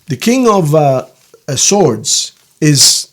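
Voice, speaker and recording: A man with a slightly raised voice talks slowly through a tarot reading, rambling and halting as he hunts for words. He slips into a hushed, soft tone when he voices what someone feels. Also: a little high, big pitch swings. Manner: acts out quoted feelings in a hushed soft voice. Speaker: tarot reader.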